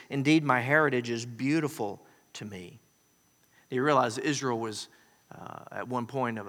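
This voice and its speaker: A man preaching a sermon as pastor, animated, acting out scenes and quotes as he goes. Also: medium pitch. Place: large hall with long reverb. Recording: reverberant church hall.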